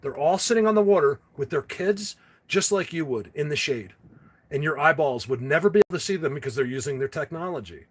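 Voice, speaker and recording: A man with a New Jersey accent hosting a live stream, talking emphatically, yelling at times and stumbling over restarts. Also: on the high side, animated, a little fast, husky. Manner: emphatic, yells, stammering restarts. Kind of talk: excited live-stream talk. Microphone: phone at a desk.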